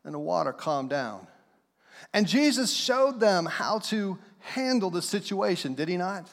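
A male pastor preaching a conversational, animated sermon in a church, acting out the voices of the people he talks about. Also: sits high, unhurried, vocal fry. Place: church sanctuary. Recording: long hall reverb.

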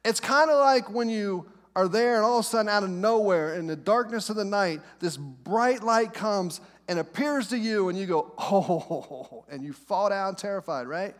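A middle-aged pastor preaching with a fairly high voice. He leans on dramatic pauses and repeats his reassurances again and again. His words ring out with a long reverb, as in a church sanctuary. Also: expressive. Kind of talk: sermon.

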